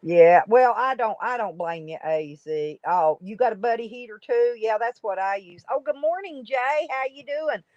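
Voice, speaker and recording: Her voice is a little high and darkish in tone, expressive, at normal speed with few pauses. This American livestream host chats in a rambling way and reads viewer comments, with dry, dull lo-fi audio and no echo.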